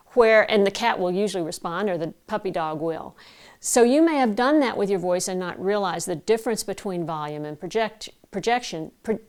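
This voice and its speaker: A middle-aged woman voice coach giving a measured, clear lesson to camera, explaining ideas with vivid analogies. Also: mid-range voice. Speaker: broadcast voice coach. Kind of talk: instructional talk to camera.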